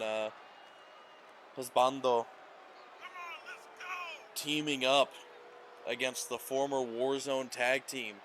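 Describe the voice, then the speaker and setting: A man doing play-by-play commentary over a video game wrestling match, calling moves quickly and getting louder at near-falls. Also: medium pitch, slight background noise. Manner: rapid play-by-play calls, rising excitement at near-falls.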